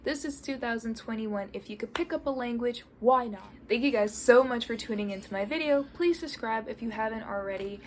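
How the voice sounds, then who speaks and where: A woman's voice: on the high side, brisk, hardly any pauses, slight background noise. An American woman vlogging casually about learning a language, earnest and encouraging as she shares tips. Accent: American English. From United States. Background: background music.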